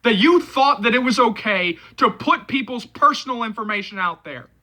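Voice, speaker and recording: Hoarse guy ranting to camera on his movie channel, hard forceful tone, keeps repeating himself and swearing. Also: very high voice, lively intonation, normal speed, poor audio. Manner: heated, repetitive, profane ranting. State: hoarse from yelling. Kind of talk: vlog rant to camera.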